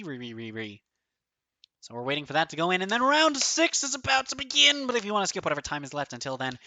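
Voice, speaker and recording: A man streaming his own online card game tournament, thinking aloud, counting out numbers and swearing often, his voice going a bit hoarse. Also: a little high, pushed and bright, no echo. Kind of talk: excited live commentary of own play.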